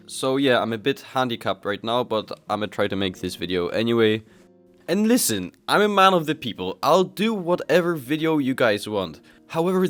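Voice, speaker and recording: Chatty male vlogger reviewing comics. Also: medium pitch. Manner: chatty, self-deprecating, addresses viewers directly. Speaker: YouTube host reviewing comics. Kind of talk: casual commentary vlog.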